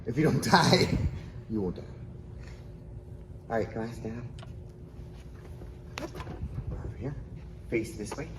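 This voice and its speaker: A man's voice: mid-range voice, takes it slowly, long pauses, background noise. Playful, coaxing stage hypnotist man. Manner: playful, coaxing, bursts of excited exclamations. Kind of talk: playful live hypnosis demo. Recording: roomy echo.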